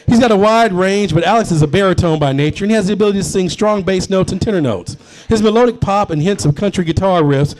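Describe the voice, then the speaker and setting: Animated comedy host with a lively voice. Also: male voice, high voice. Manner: animated, chatty, working the crowd. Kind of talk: live stand-up storytelling. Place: bar venue, live show.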